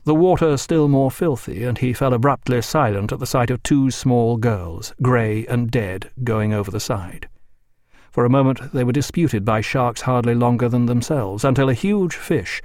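Male audiobook narrator, measured, mid pitch, dry booth. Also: darkish tone, no echo. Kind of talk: scripted narration.

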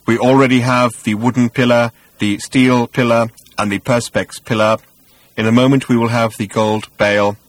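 A man voicing an ancient, cold killer robot with a cultured rasp, speaking slowly and without feeling. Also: medium pitch, lightly acted, low-quality recording. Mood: deadpan. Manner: flat, slow, patient, deadpan.

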